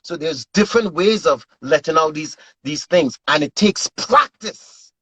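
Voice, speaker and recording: A man in an earnest, animated casual chat, often repeating himself. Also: a little high, measured pace, husky, no echo, poor audio.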